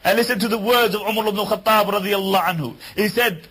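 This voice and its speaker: Bright, husky-voiced male preacher. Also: high voice, fast, hardly any pauses, poor audio. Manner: earnest, emphatic storytelling with repeated key lines. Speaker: Islamic lecturer. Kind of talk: storytelling sermon.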